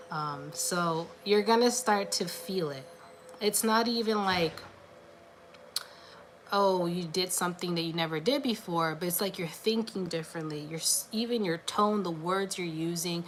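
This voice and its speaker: Chatty, lower-voiced woman reading cards. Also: fairly bright tone, a little hiss or hum. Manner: chatty and encouraging, many filler "like"s. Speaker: tarot card reader. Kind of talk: casual livestream reading.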